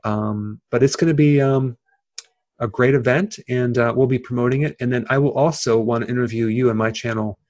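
A man's voice: mid-range voice, steady tone, fairly quick, a little mellow. Man explaining health ideas. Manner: explains plainly with many fillers and restarts. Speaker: guest, health video creator. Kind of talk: casual interview talk.

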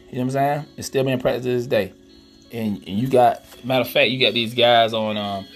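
A middle-aged man hosting a podcast, talking casually and preachily, often asking "you know what I'm saying". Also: lowish voice. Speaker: podcast host. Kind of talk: casual monologue.

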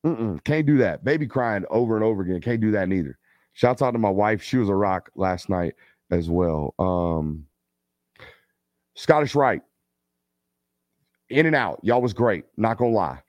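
A man in his thirties hosting a live football show, chatting casually and telling stories with loose slang and quick asides. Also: on the low side, animated, a little mellow, no room sound. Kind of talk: casual live-stream chat.

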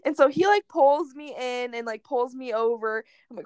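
A woman's voice: high-pitched, moderate pace, a little mellow, smooth, dry recording. A young woman telling a crude personal story in casual chat, swearing freely and laughing often.

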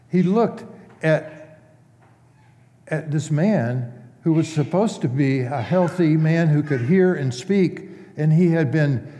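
A male pastor preaching in a relaxed, conversational way, asking his congregation questions as he teaches. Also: fairly high pitch. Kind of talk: sermon. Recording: long church reverb.

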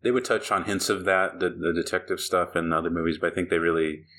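A man's voice: sits low, fairly even intonation, fast, fairly bright tone. A man hosting a podcast in casual chat, rambling and laughing often. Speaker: podcast host.

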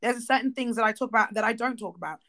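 A woman co-hosting a casual chat, emphatic and blunt, swearing freely and getting animated as she makes her point. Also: on the high side, fast talker. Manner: animated, acts out quoted voices.

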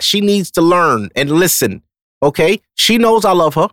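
A man's voice: high voice, expressive, normal speed, a bit bright, dry recording, studio quality. A man hosting a podcast, talking casually in a blunt, profane, emphatic way. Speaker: podcast host. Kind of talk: casual monologue.

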